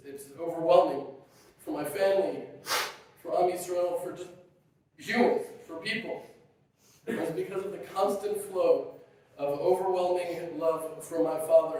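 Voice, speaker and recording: A man delivers a heartfelt funeral eulogy, halting and emotional but touched with warm humor. His voice sits high for a man. It rings with heavy echo and sounds distant from the microphone. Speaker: son giving a eulogy. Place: funeral gathering. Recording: very echoey, far from the mic.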